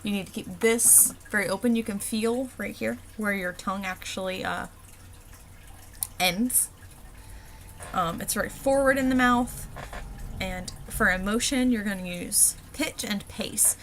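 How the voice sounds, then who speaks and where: Slow, halting woman dialect coach. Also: medium pitch, noisy background. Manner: halting, many ums and pauses. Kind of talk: explaining an accent worksheet.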